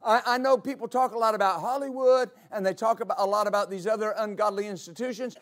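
High-voiced preaching pastor. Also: male voice, steady tone, fast talker, hardly any pauses, fairly bright tone. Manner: preaching with rising emphasis, repeating key phrases. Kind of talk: sermon.

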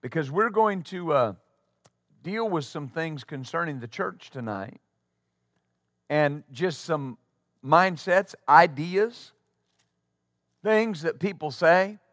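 High-voiced man preaching a sermon. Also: expressive, slow, pauses often, dry recording, studio quality. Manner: conversational preaching with sudden bursts of loud exclamation. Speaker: pastor. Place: church sanctuary before a congregation.

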